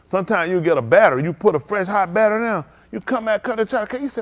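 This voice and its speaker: A man delivers a sermon at a synagogue service in a conversational, folksy style. His voice sits a bit on the high side, and he talks straight to the congregation with questions. He breaks into sudden loud bursts to press his points. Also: very animated, quick pace, hardly any pauses. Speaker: preacher. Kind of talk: live-streamed sermon.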